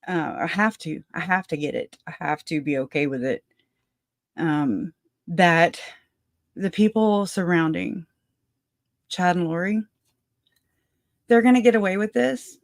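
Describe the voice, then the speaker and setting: A chatty woman with a drawl talks through a casual livestream, a bit winded, laughing between thoughts and circling back on her sentences. She speaks slowly, and her voice sits dry and close. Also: on the low side, gravelly, no room sound. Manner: chatty, laughs often, trails off and restarts. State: out of breath. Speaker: livestream host.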